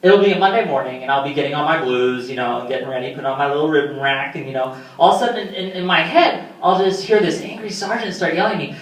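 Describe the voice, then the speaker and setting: A young man tells rambling, self-deprecating comic stories, his pitch swinging lively from line to line. He sounds distant and roomy, as if heard in a hall from across the room. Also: quick pace. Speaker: stand-up comedian. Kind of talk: stand-up comedy storytelling. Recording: roomy hall, mic from far off.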